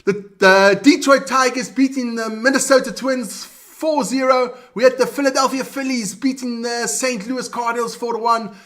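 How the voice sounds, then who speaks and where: A man's voice: extremely high pitch, steady tone, normal speed, few pauses, fairly bright tone. A man co-hosting a casual live sports roundup, reading scores with chatty asides while his voice wears out. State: voice wearing out. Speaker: sports show co-host.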